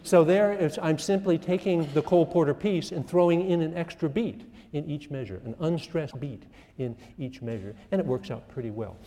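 Older male music professor, mellow voice, lively lecturing, echoey hall. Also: a little high, moderate pace. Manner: lively, self-mocking, asks the class questions. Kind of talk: classroom lecture.

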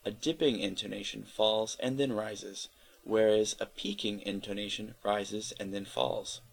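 A man reading an encyclopedia article aloud in a steady, careful way, spelling out letters where needed. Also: lowish voice, measured pace, vocal fry, low-quality recording. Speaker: volunteer reader of an encyclopedia article. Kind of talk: read-aloud article narration.

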